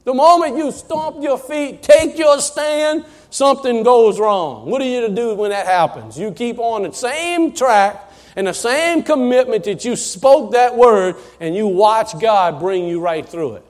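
Pastor, male, fairly high voice, folksy sermon delivery, loud bursts then quiet asides. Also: animated, measured pace, hardly any pauses. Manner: emphatic, swinging between loud bursts and soft asides; folksy, conversational preaching with rhetorical questions. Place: church before a congregation.

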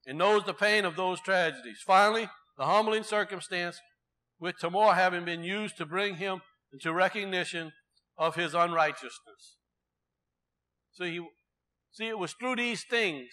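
Bright high-voiced man preaching. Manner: conversational preaching with rhetorical questions to the congregation. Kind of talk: sermon.

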